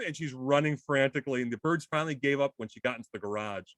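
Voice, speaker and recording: A man with a mid-range voice talks fast with few pauses, recorded in a studio with no room sound. He's casually telling a funny story, animatedly acting out the voices and poking fun at himself.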